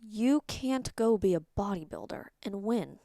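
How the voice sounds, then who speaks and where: A woman's voice: medium pitch, expressive, measured pace, warm tone, no room sound, studio quality. A woman hosting a personal solo podcast, talking candidly and rambling, sometimes dropping into a whisper. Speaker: podcast host.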